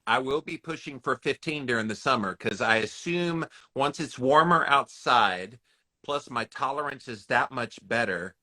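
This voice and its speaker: Male podcast host, jokey and emphatic, crisp bright delivery. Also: mid-range voice, expressive, normal speed. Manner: jokey, emphatic, playful asides. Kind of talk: casual podcast conversation.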